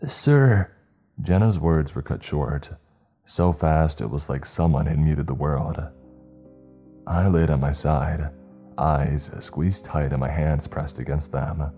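Deep dark-voiced guy reading a horror story, husky, faint music underneath. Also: steady tone, slow. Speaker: narrator. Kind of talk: scripted horror narration.

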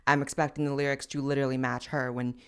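A woman's voice: very deep voice, flat delivery, fast, clean tone. A young adult woman hosting a podcast, giving blunt, crude and sassy commentary on social media clips. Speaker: podcast host.

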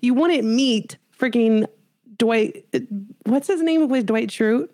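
A young adult woman co-hosting a podcast, telling stories in a chatty, animated way. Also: a little high, slow, no room sound, clean studio sound. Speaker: podcast co-host. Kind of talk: casual chat.

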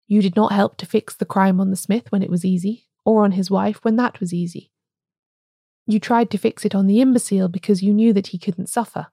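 A woman voicing a calm, wise male priest who speaks gravely and gently in an audiobook reading. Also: high voice, no echo, studio quality.

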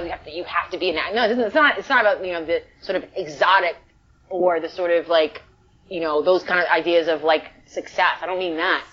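A lower-pitched woman from the Bronx tells a story as an interview guest, animated and emotional, tumbling through "like" fillers. Her voice comes through a dull, lo-fi recording. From the Bronx, New York. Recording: dull lo-fi sound.

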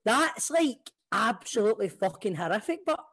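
A man's voice: sits high, sing-song, normal speed, crowd noise. A man co-hosting a podcast, blunt and swearing in casual banter. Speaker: podcast co-host. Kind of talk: casual chat.

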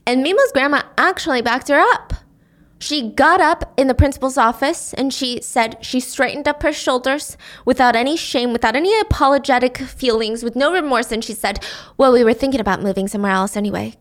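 A woman casually retelling a drama's plot as host, acting out the characters' lines in raised voices. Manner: animated, acts out character lines in high voices. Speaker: show recap host. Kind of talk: casual storytelling recap.

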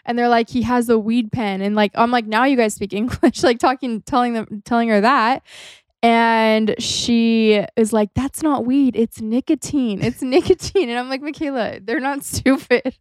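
A young adult woman co-hosting a podcast, telling a story in a casual, expressive way and acting out what people said. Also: a little high, moderate pace, clear, resonant tone, no room sound, studio quality. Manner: expressive, laughs while telling, acts out quotes. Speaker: podcast co-host.

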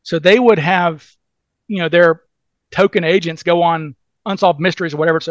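High-voiced Southern man telling a story. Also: steady tone, normal speed, no echo, highs cut off. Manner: retells a story acting out voices, with fillers and restarts. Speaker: podcast guest, DB Cooper researcher. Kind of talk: animated storytelling in casual interview.

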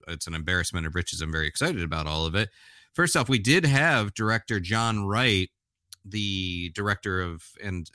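Man, podcast host, casual solo chat, crisp forceful tone, lowish voice. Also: no room sound, clean studio sound. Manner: chatty, enthusiastic, self-correcting with frequent restarts.

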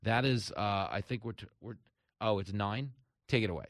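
A man's voice: lowish voice, normal speed, fairly bright tone, dry recording, studio quality. A man hosting a talk radio show, delivering an emphatic, sarcastic monologue.

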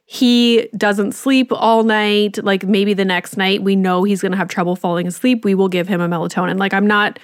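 A woman's voice: mid-range voice, steady tone, normal speed, few pauses, dry recording, studio quality. A woman in her thirties hosting a podcast, telling a casual story with frank swearing and lots of "like". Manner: candid, swears freely, lots of "like". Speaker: podcast host.

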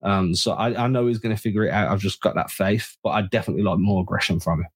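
A man co-hosting a casual sports podcast, talking in an animated, opinionated way with frequent restarts. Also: low voice, fast talker, slightly rough. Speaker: podcast co-host.

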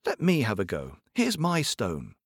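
A man voicing a tiny, quick-witted male tailor in a told folk tale, high and cocky. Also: wildly swooping pitch, slightly rough, no room sound, clean studio sound, exaggerated voice. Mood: sly. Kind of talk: storybook character voice.

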